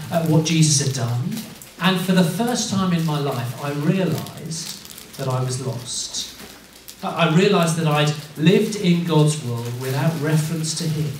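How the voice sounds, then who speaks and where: An English man gives an earnest evangelistic talk, pitched a little high, often turning questions back on his listeners. He sounds set back from the microphone, and the room rings with a heavy echo. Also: a little hiss or hum. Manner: earnest, questioning, repeats words when restarting. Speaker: student mission speaker. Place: university lunchtime event room. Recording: echoey room, mic far off.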